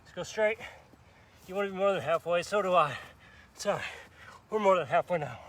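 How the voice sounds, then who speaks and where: This male fitness instructor sounds high-pitched and fairly bright, with lively intonation and a slightly fast pace. Coaching a live workout on park grass, he's upbeat, urging viewers through countdowns while panting and sweating.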